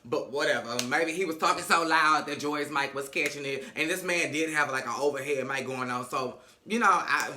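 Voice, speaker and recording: A man's voice: on the high side, moderate pace, few pauses, pushed and bright, a little hiss or hum. Sassy, profane man recapping gossip. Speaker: reality TV recap vlogger. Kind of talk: casual commentary. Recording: echoey room.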